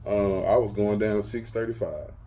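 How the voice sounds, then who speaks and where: A deep-voiced man talks through his own stories. His delivery is relaxed and slangy, full of asides to the listener. A faint ambient noise sits under the voice. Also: normal speed. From Texas, US. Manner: loose slangy talk, lots of "you feel me". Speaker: show host. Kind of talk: casual personal storytelling.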